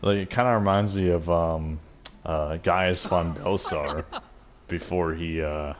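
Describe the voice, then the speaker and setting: A man's voice: deep voice, fairly even intonation, takes it slowly, a little hiss or hum. A young man casually commenting on a game he is playing, rambling, joking and swearing. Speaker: gaming streamer.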